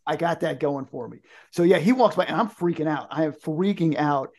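A man telling a story in casual chat, animated, jokey, acting out the dialogue. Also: fairly high pitch, fairly quick.

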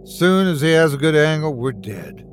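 A man voicing a gruff older hunter who talks in short, tense bursts while scared. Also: fairly high pitch, sing-song, moderate pace, soft background music.

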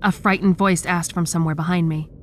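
A woman narrates a horror story in a steady, measured way, her voice sitting a little low. A clear noisy ambience runs behind her throughout. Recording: clear background noise.

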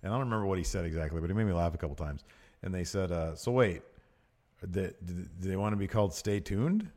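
A man's voice: low-pitched, animated, fast, darkish tone. A man co-hosting a casual wrestling recap, chatty, laughing easily and trailing off with fillers. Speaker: co-host.

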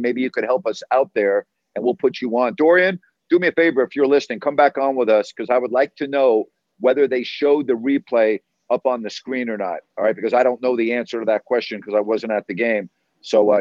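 Male call-in radio host, excitable storyteller, dull dry studio sound. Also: medium pitch, brisk, no room sound. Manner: enthusiastic, rambling storyteller. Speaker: sports talk radio host. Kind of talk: casual call-in show talk.

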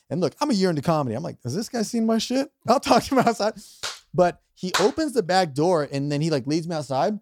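Relaxed man hosting a comedy podcast. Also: sits high, fast, no echo. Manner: laid-back storytelling, acts out his drunk younger self. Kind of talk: casual podcast chat.

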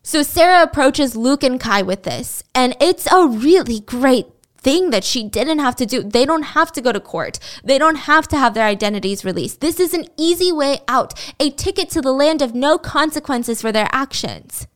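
A woman hosting a podcast, telling a story in a casual, animated and indignant way. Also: high voice, normal speed. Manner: animated, indignant, acts out quotes. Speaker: podcast host.

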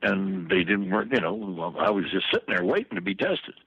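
Older male guest, low husky bright voice, rambling anecdotes, dry studio mic. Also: big pitch swings, a little fast, no echo, dull audio. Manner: rambling, full of asides and restarts. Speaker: actor telling stories as guest. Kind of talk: casual storytelling.

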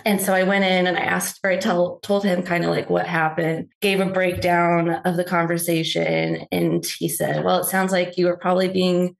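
A woman with a gravelly, fry-laced voice that sits a little low. She tells her family story in a chatty way, stopping for fillers as she goes. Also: moderate pace, few pauses. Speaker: caller seeking advice. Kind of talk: casual storytelling.

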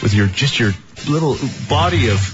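A man's voice: medium pitch, animated, normal speed, over music. A man hosting a morning radio show, chatty and joking, laughing often. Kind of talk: casual morning radio banter. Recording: dull lo-fi radio broadcast.

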